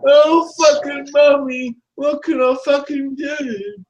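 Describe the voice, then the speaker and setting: Give me a man faking a whining, sobbing grown crybaby with a shrill squeal. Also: little pitch movement, takes it slowly, reverberant, highs cut off, slight background noise. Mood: whimpering. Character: whiny sobbing grown man, mocked rival.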